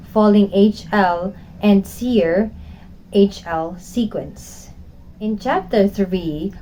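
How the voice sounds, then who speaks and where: A young woman, a student reporter, slowly and carefully reading a prepared class report aloud. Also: mid-range voice, dark tone, slight background noise, low-quality recording.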